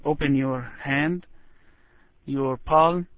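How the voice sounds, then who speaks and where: A man teaching Quran recitation one-on-one, patient and slow, demonstrating each word drawn out, over an online call. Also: on the high side, fairly even intonation, dry recording. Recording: tinny phone-like line.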